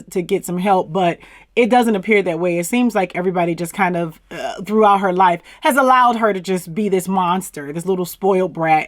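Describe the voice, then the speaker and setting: In a dry, clean studio recording, a woman with a mid-range voice hosts a casual reality-TV recap channel. She's sassy and emphatic, with mocking laughs and southern slang like "plumb fool."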